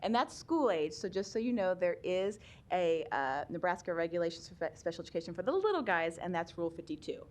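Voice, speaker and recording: A woman's voice: lowish voice, big pitch swings, fairly quick, hardly any pauses, a little mellow. A woman giving a chatty talk on special education law at a public meeting, laughing often and using many ums.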